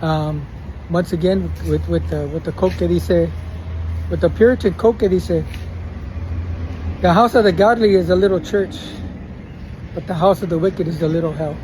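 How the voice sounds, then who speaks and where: Man, casual preacher, high voice, faint street noise behind. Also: normal speed, pauses often, a little mellow, rough recording. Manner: casual, mixes Spanish words into English, chuckles often. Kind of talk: informal devotional sermon.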